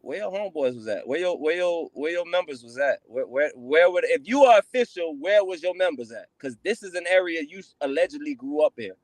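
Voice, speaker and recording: A man's voice: fairly high pitch, expressive, a little fast, few pauses, no room sound. A man talking as a guest on a call, blunt and profane, pressing his points and repeating them. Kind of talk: casual video-call chat.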